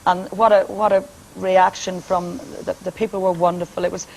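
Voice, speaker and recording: A woman's voice: fairly low pitch, little pitch movement, normal speed, creaky, darkish tone, slight background noise, poor audio. A woman with a Northern Irish accent and a powerful speaking voice, chatting and joking as a guest on a TV interview. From Northern Ireland. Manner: brassy, joking, laughs often. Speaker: singer and entertainer guest.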